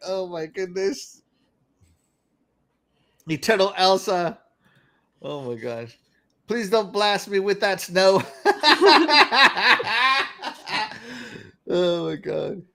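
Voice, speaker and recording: A man hosting a casual gaming podcast, giggly and excitable, laughing through his lines. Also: sits high, very slow, pauses often. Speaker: podcast host.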